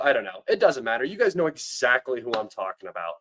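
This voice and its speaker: A man's voice: medium pitch, sing-song, quick pace, a bit bright. An American man hosting a livestream, giving casual commentary in a rambling way with many fillers and restarts. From United States. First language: English. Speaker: livestream host.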